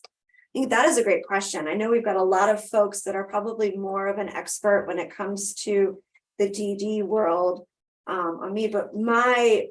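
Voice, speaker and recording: A woman presenting a live webinar over a video call, answering questions and wrapping up in a conversational way with frequent ums. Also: mid-range voice.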